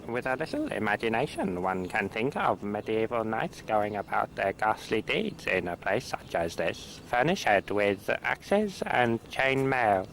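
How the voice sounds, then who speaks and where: A man putting on a grandiose mock-medieval storyteller voice, declaiming slowly and pompously outdoors. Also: lowish voice, very animated, gravelly, fairly bright tone, a little hiss or hum, exaggerated voice, rough recording. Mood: mock grandeur. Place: outdoors in an old walled town.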